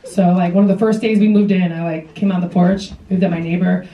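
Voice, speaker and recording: A woman's voice: on the low side, steady tone, fairly quick, lo-fi sound. A woman hosting a stand-up comedy show on a theater stage, chatty and self-mocking. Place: theater stage with live audience. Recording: roomy theater sound from a distance, loud audience.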